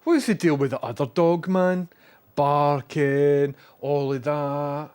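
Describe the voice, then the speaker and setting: A Scottish man chats casually from a room in his home, his voice sitting a little high. He coos at his dogs in a lifted sing-song voice, then drops to quiet muttered asides. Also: slow, clean tone, dry recording. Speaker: streamer.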